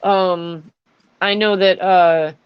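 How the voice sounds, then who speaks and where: A woman's voice: lowish voice, steady tone, drawn-out words, clear, resonant tone, dry recording, lo-fi sound. A young adult woman who is an army veteran, telling stories in a casual chat with lots of fillers and restarts. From Florida. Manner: rambling storytelling with many fillers.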